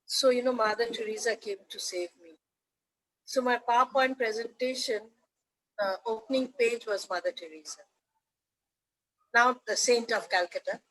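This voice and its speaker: Older woman, Indian English accent, slightly high, chatty veteran teacher, animated anecdotes. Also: normal speed, long pauses, poor audio. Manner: chatty, animated anecdotes with playful quoted voices. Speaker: veteran teacher, interview guest. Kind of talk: casual storytelling interview.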